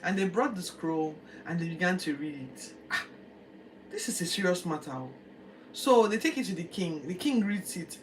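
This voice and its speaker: A woman's voice: on the low side, moderate pace. A woman, casually retelling a Bible passage as a teacher, with chatty asides. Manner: conversational, animated storytelling with asides. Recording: distant mic, faint background noise.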